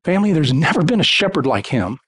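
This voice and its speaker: Male pastor, high voice, emphatic sermon delivery with repeated building phrases. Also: very animated, fast talker, fairly bright tone, slightly rough.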